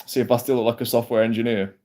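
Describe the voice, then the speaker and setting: A man's voice: medium pitch, flat delivery, very fast, warm tone. A man chatting casually on a livestream, rambling, swearing freely and answering comments from his chat. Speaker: livestream host.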